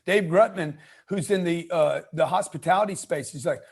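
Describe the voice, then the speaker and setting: Male host, assertive and direct, notably high-pitched. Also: normal speed, hardly any pauses, breathy edge. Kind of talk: casual interview chat.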